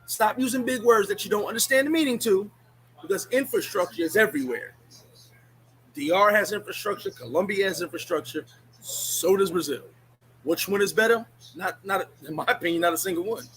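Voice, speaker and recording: A man's voice: high voice, a little fast, fairly bright tone, a little hiss or hum, low-quality recording. A man hosting a casual livestream, ranting bluntly and sarcastically, shifting into chatting with viewers. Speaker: livestream host. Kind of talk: casual live-stream rant.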